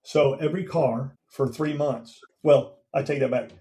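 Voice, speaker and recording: A man's voice: mid-range voice, steady tone, a little slow, warm tone, poor audio. A man in his fifties, a veteran and former police officer, telling his story as a podcast guest in a plain, conversational way. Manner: recounts events plainly, acting out quoted dialogue.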